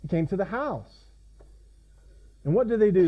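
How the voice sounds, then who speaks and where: A man with a slightly high voice preaches to his congregation, talking in a conversational way and checking in with questions. The recording is a little dull and lo-fi. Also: expressive, moderate pace, long pauses. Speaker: pastor. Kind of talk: sermon.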